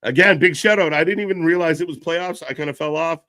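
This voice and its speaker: A man giving casual live commentary, reacting excitedly and chatting to viewers. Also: fast. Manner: excitable, pitch jumps when reacting, chatty asides to viewers.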